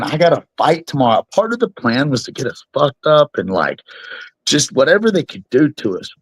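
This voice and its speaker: A young man, a bare-knuckle fighter, spins a tale as an interview guest, loose and profane, with his voice sitting mid-range for a man. The sound is dry and close, with no room around it. He tells it as a casual story, animated from start to finish. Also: medium pitch, dry recording, low-quality recording.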